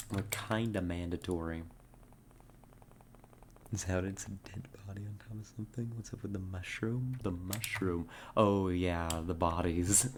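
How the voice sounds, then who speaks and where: Game streamer, very low voice, unhurried, wry self-mocking commentary, faint keyboard clicks behind. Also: noisy background. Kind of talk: live gameplay commentary.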